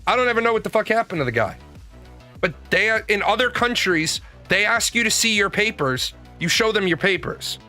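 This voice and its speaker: Blunt, profane man with a bright voice. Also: high-pitched, animated, normal speed, soft background music. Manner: blunt, profane, rambling storytelling. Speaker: show host. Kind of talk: casual monologue.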